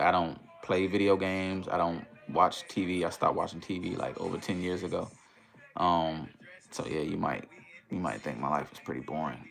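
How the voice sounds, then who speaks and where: A man hosting a casual livestream in a relaxed, easygoing way, reading viewer comments aloud and greeting them. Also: sits low, gravelly. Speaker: livestream host.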